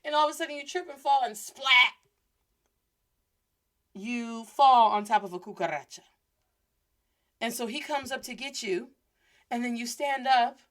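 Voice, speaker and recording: A woman hosting a podcast and giving a playful, animated Spanish lesson, mixing Spanish phrases into her English. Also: on the high side, a little slow, pauses often. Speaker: podcast host and Spanish teacher.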